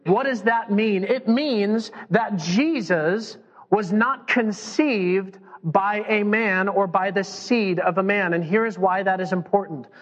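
A male pastor preaching a sermon, animated and acting out the voices of the people he quotes. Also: high-pitched, slow pace. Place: church sanctuary. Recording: dull sound, long hall reverb.

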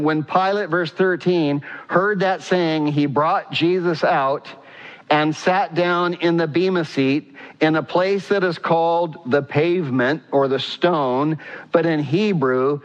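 Fervent preacher man with a higher voice. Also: measured pace, big-room sound, highs cut off. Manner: emphatic, rising to a high, fervent pitch at key points; asks the congregation direct questions. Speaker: pastor. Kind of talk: sermon.

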